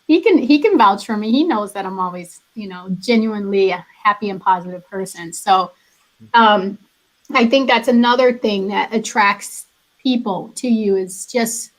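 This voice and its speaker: A woman's voice: mid-range voice, rough recording. A woman guest on a casual podcast who sounds upbeat and laughs often.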